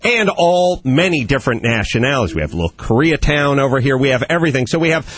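A man from Southern California hosting a talk radio show, ranting and getting loud and heated. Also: mid-range voice, expressive, fast, no room sound. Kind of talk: fired-up talk radio rant.

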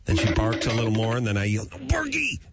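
A man's voice: lowish voice, fast talker, heavy background noise. A man hosting a talk show, telling a comic story about his dog and acting out voices along the way. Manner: animated, acts out his dog and his own hushed yelling. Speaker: radio show host. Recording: slightly dull, dry studio sound.

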